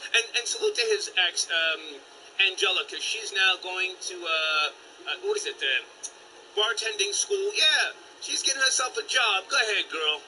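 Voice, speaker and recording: A brash man runs a live call-in stream, joking and cursing as he reads donations and takes callers. His voice sits high and cuts through sharply. A faint hiss hangs behind him. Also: sing-song, normal speed, poor audio. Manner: loud brash banter with profanity. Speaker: host.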